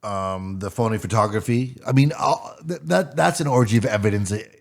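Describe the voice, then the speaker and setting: A man's voice: on the low side, fairly quick, vocal fry. A man co-hosting a podcast in casual chat, rambling and restarting his sentences. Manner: rambling, restarts mid-thought.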